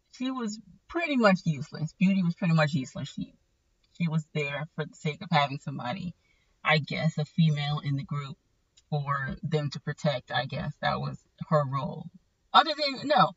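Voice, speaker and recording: A podcast host chatting casually about an anime, rambling and animated and often correcting themself mid-sentence. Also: mid-range voice, no room sound, far from the mic. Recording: dull, lo-fi sound from slightly off the mic.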